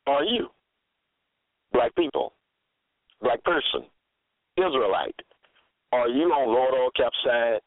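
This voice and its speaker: A man expounds scripture at an unhurried, measured pace, citing verse after verse and restating each. His voice comes through thin and narrow like a phone line, with a dry, close sound and no room around it. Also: mid-range voice, expressive, no echo. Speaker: scripture teacher. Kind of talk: slow, deliberate scripture exposition.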